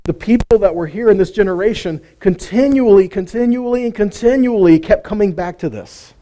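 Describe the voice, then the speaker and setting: A man's voice: high voice, fairly quick, mellow, a little hiss or hum. A man giving an informal sermon teaching, conversational and full of rhetorical questions and chuckling asides. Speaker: Bible teacher.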